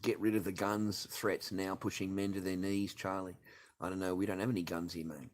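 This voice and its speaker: A man's voice: deep voice, level tone, fairly quick. A middle-aged man, hosting a casual livestream, reading and answering chat with constant swearing and sarcasm.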